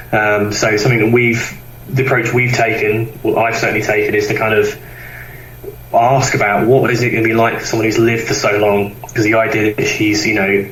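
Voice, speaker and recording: A man's voice: on the low side, fairly bright tone, slight background noise. Man, distant and roomy. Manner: rambling, with many fillers and restarts. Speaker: guest comic publisher. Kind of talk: casual podcast chat.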